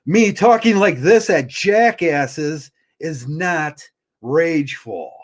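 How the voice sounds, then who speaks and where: A man's voice: a little high, lively intonation, slow. A man hosting a livestream, ranting heatedly and bluntly, often stumbling and restarting his words. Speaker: livestream host.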